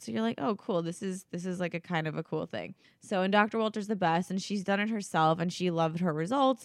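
A woman's voice: mid-range voice, no room sound, clean studio sound. A young woman co-hosting a podcast, telling a candid story in casual chat, laughing and swearing freely. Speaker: podcast co-host.

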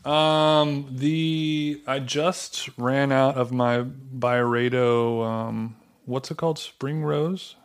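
A man's voice: medium pitch, very slow, hardly any pauses, clean tone. Teasing young man in casual chat. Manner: joking and teasing, with deadpan asides. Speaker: podcast co-host.

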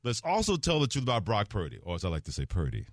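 A man co-hosting a sports talk radio show in a studio, talking in a jokey, quick patter. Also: medium pitch, huge pitch swings, no echo.

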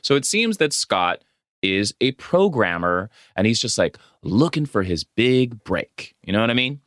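A man co-hosting a casual podcast, recapping a film in a lively, freely swearing way. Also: fairly low pitch, measured pace, no echo, clean studio sound. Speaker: podcast co-host.

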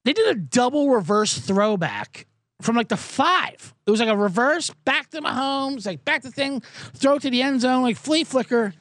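This man's voice is extremely high-pitched, expressive, and fairly bright, at a moderate pace with no echo. Working alone in a small booth, he hosts a live sports betting podcast, talking casually in a rambling, profane, self-mocking style into a studio microphone.

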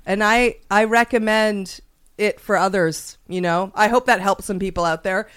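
A woman's voice: mid-range voice, fairly even intonation, moderate pace, fairly bright tone, clean tone. A woman comedian delivering a profane, furious, escalating rant, then talking candidly and ramblingly about it. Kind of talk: comedic ranting monologue.

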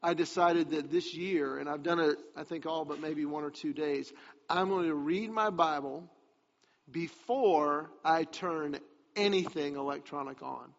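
A man's voice: fairly high pitch, measured pace, vocal fry. Man preaching in an echoing hall. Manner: storytelling, confiding then emphatic. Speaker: pastor. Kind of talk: sermon. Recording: long hall reverb, dull lo-fi sound.

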